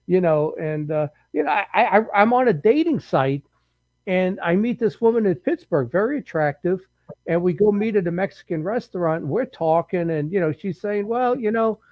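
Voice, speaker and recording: A man's voice: high voice, expressive, normal speed, dry recording, phone-quality sound. A man who researches the paranormal, a guest in an interview, telling long rambling anecdotes full of restarts. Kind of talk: casual interview storytelling.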